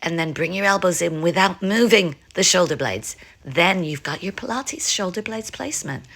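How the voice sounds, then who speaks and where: Older woman, chatty fitness teacher at home, clear bright voice, mixes in French phrases. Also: on the low side, lively intonation, normal speed. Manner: chatty, laughs often, mixes French and English. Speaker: Pilates and ballet instructor. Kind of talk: casual exercise instruction. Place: home, France.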